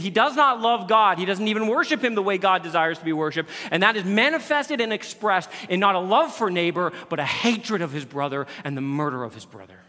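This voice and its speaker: High, bright-voiced preacher in a hall. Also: male voice, expressive, a little fast, hardly any pauses. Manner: dynamic preaching, swinging from loud emphatic lines to hushed near-whispers. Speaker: pastor. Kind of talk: sermon. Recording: reverberant hall.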